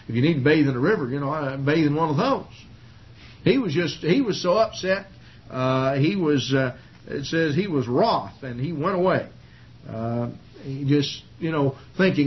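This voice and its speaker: A man's voice: on the high side, lively intonation, normal speed. A man teaching a Bible study in a casual, folksy way, retelling the story with many uhs and you-knows. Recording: slightly muffled old recording.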